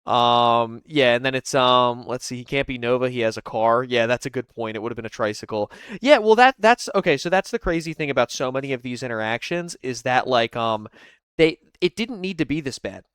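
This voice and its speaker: A man's voice: medium pitch, animated, brisk, a bit bright, clear, resonant tone, dry recording. A man streaming live, commenting on police clips in a rambling way with lots of fillers and reading chat aloud.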